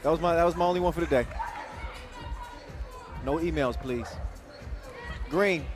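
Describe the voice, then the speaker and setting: A man calling a basketball game live, quick and jokey, with excited bursts on big plays. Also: fairly high pitch. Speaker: play-by-play commentator. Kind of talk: live sports commentary. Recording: commentary over loud arena music and crowd.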